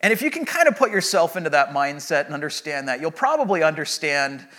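A young male pastor preaches through a personal story, acting out each person in it with animated, expressive delivery. His voice sits high and sounds bright and forceful. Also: fast. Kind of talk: sermon storytelling.

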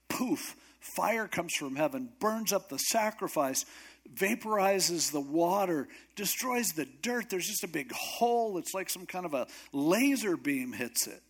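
A man's voice: high-pitched, animated, a little slow, breathy edge. A male pastor giving a sermon, telling a story in a casual, joking way.

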